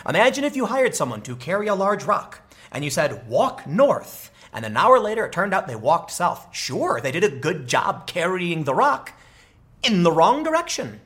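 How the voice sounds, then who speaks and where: Man, political commentator, sarcastic, animated, lively swooping pitch, slightly high voice. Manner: animated, sarcastic, talks fast with restarts.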